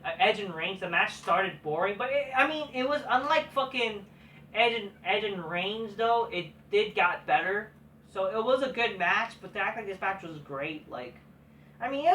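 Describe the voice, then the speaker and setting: A man's voice: high voice, slight background noise. Profane ranting man, far off in an echoey room. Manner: scornful, swearing, rising to yelling. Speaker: wrestling commentary vlogger. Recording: roomy echo, far from the mic.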